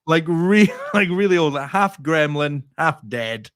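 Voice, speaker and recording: A Scottish man, a comedian guest, telling a sweary, animated anecdote in casual chat. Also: on the high side, unhurried, smooth, dry recording, clean studio sound. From Scotland.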